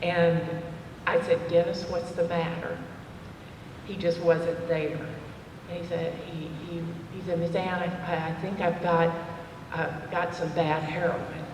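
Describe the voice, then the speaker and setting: A woman telling a personal story to a women's dinner, slow and chatty with fillers. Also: lowish voice, level tone, noisy background. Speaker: cafe owner speaking at a women's dinner. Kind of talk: personal testimony talk. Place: church fellowship hall. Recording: echoey hall, voice from far off.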